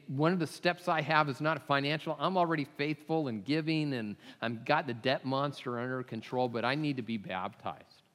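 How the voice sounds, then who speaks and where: A man's voice: medium pitch, big-room sound. A man preaching a sermon in a casual, conversational way, with chuckling asides and lots of "uh" restarts. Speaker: pastor.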